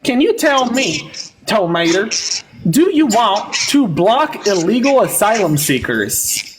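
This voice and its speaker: A man voicing a blustering rural Southern hillbilly with a put-on Southern accent, loud and folksy. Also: very animated, noisy background, exaggerated voice. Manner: folksy exclamations, raised pitch, drawn-out shouts.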